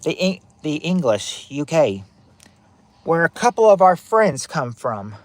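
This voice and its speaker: A man's voice: on the high side, big pitch swings, a little slow. A man hosting a family quiz game on a livestream, reading questions and chatting with viewers by name, often repeating himself. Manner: chatty, repeats phrases, reacts to chat names.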